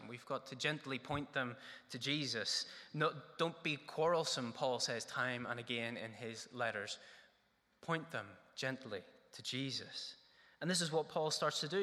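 Guy preaching, earnest, lots of questions to the crowd, bright sharp voice, long echo in the hall. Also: mid-range voice. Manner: earnest, asks rhetorical questions. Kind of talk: sermon. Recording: echoey hall reverb.

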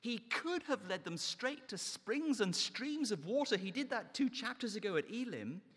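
Male preacher, slightly high voice, emphatic rise-and-fall sermon delivery, long church reverb. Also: big pitch swings, normal speed, fairly bright tone, breathy edge. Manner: emphatic, rising and falling delivery.

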